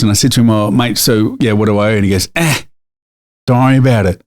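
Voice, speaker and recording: A man's voice: lowish voice, fairly even intonation, fast talker. A middle-aged man with an Australian accent co-hosting a podcast, telling a story in a rambling way with lots of fillers and restarts. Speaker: podcast co-host. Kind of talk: casual chat and storytelling.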